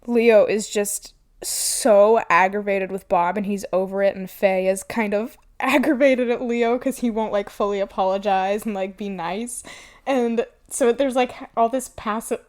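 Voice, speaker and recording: A woman's voice: mid-range voice, unhurried. A woman co-hosting a podcast, chatting casually and retelling favorite film scenes with laughter. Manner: animated retelling, quoting film lines with laughs. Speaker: podcast co-host. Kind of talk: casual chat.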